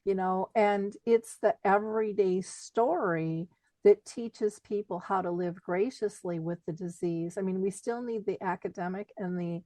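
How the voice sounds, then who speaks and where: A middle-aged woman hosting a podcast interview, talking in a casual, expressive way and laughing easily. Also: mid-range voice, unhurried, no echo. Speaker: podcast host.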